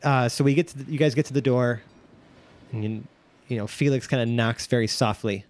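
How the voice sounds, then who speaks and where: A man's voice: medium pitch, brisk, darkish tone. A man playing a tabletop game, joking and rambling as he talks through his moves. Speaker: player. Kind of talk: casual tabletop game play.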